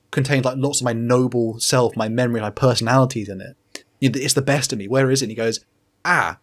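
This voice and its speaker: A man on a podcast giving a joking, casual recap and playing each character in quick paraphrase, often laughing. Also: medium pitch. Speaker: podcast host.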